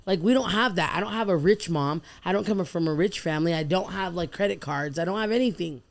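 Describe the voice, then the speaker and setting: A woman with a gravelly, creaky voice tells her story as a podcast guest in a loose, conversational way. She slips into the voices of the people she quotes and the prayers she said, keeping the telling lively and personal. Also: lowish voice, quick pace. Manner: animated, acts out quoted people with slang and prayer. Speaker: podcast guest, food truck owner.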